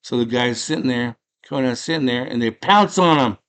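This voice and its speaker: A man casually retelling a movie plot, animated, jumping into quick voices for the characters. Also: mid-range voice. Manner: animated storytelling, acting out character lines in quick impressions. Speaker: movie podcast host.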